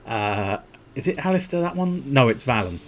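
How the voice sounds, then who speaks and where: A man's voice: mid-range voice, sing-song, moderate pace, soft background music. A man streaming a game, rambling and mocking himself in casual chat. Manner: rambling, self-mocking, giggly.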